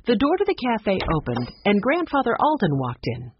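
A narrator reading a children's mystery story aloud in a steady, expressive way. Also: mid-range voice, normal speed, slight background noise. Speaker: audiobook narrator. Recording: dull, slightly lo-fi dry recording.

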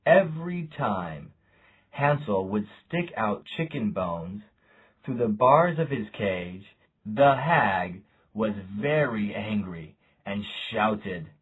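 Male storybook narrator, deliberate and lively in pitch, slightly low, lo-fi audio. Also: breathy edge. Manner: slow, deliberate, lively intonation. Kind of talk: storybook reading.

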